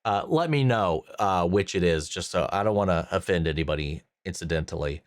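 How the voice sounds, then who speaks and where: Low-voiced man musing over a show. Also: lively intonation, a little fast, dry recording, studio quality. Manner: musing, thinks aloud with many fillers and restarts. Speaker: reaction channel host. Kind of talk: casual post-episode review talk.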